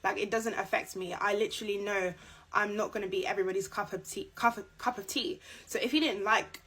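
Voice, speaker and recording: A woman's voice: medium pitch, steady tone, brisk, a bit bright, husky, rough recording. A woman in her twenties talking frankly to her followers in a casual rant. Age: 20s.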